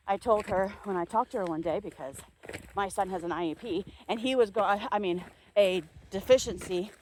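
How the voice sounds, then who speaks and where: A woman's voice: mid-range voice, expressive, brisk, darkish tone. A middle-aged woman vlogger delivering a heated, emphatic and sarcastic rant, recorded outdoors while on a walk. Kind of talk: angry rant.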